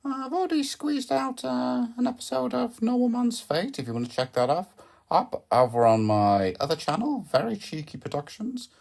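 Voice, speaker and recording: A woman hosts a comic podcast in a rambling, deadpan monologue, stopping often for ums and correcting herself mid-sentence. Her voice sits fairly high and swoops about animatedly. A gravelly fry runs through it. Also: moderate pace. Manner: deadpan, hesitant, full of ums and self-corrections. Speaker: podcast host.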